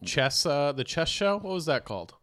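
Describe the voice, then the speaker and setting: A man co-hosting a casual comedy podcast, with a fairly high voice that swings widely in pitch. He jokes about himself and keeps losing the thread mid-sentence. The banter is loose and unscripted. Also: very animated, normal speed, a bit bright. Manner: jokey, self-deprecating, trails off mid-thought. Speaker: podcast co-host.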